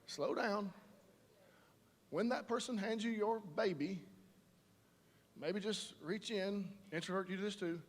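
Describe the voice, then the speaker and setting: Lively high-voiced pastor. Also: male voice, measured pace. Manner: animated, conversational, acts out quoted voices. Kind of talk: sermon. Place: large church auditorium. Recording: live church hall reverb.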